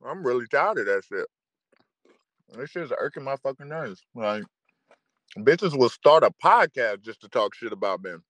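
A man's voice: medium pitch, animated, moderate pace, long pauses, fairly bright tone, dry recording. A man hosting a live audio room, ranting crudely and cursing with frequent laughter. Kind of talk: profane casual rant to listeners.

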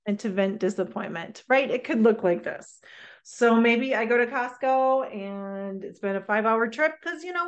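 Middle-aged woman workshop presenter, slightly high voice, chatty and engaging. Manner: lively, conversational, checks in with listeners.

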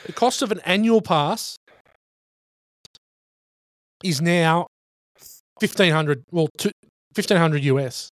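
A man's voice: on the high side, expressive, slow, long pauses, dry recording, clean studio sound. A man co-hosting a podcast in casual chat, reading out news items and giving short replies. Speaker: podcast co-host.

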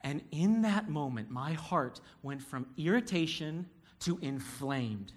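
A man's voice: a little high, lively intonation, slow pace. A man in his thirties preaching a sermon, telling candid, self-deprecating stories to his congregation. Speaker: pastor.

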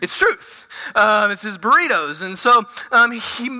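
Animated woman preaching in a reverberant hall. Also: mid-range voice, a little slow. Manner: casual, animated, stumbling repetitions. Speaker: pastor. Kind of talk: sermon. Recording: long reverb of a large hall.

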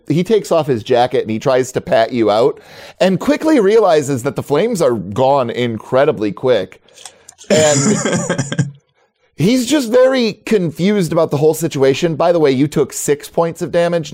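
A man's voice: on the high side, darkish tone. A man running a tabletop game as game master, describing scenes in a chatty, laughing way.

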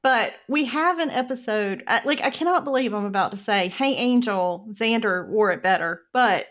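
A woman's voice: a little high, animated, moderate pace, a bit bright. A woman co-hosting a casual chat about a TV show, laughing easily and talking a little tentatively. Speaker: podcast co-host.

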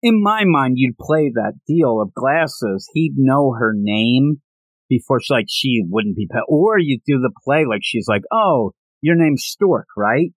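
Animated man chatting about manga. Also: no echo. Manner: animated, quick shifts of pitch when acting out scenes. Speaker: podcast co-host. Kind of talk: casual manga review chat.

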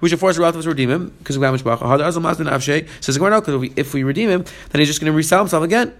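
A man's voice: on the high side, very fast. A man teaching a Talmud page, reading the Aramaic text and explaining it in English. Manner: reads Aramaic lines then explains in English. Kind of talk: fast Talmud study lesson.

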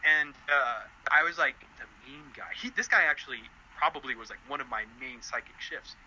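A young man telling a story as a podcast guest, animated and laughing often. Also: brisk, dull audio, slight background noise. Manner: animated, laughing often, voice jumping high in quotes. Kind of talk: casual storytelling chat.

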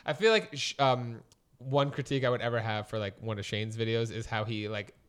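A man's voice: mid-range voice, fairly quick, clear, resonant tone. Casual man in his twenties, rambling. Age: 20s. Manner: rambling, filler-heavy, swears casually. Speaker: podcast co-host. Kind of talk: casual podcast chat.

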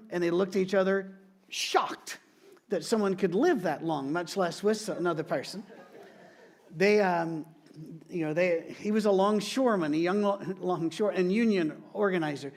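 High-voiced man preaching with humor. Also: moderate pace. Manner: conversational, humorous, animated storytelling. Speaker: pastor. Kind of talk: sermon with storytelling.

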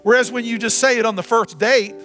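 A man preaching a sermon as pastor, repeating phrases and swinging from loud to soft. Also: very high-pitched, steady tone, brisk. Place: church sanctuary. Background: guitar music.

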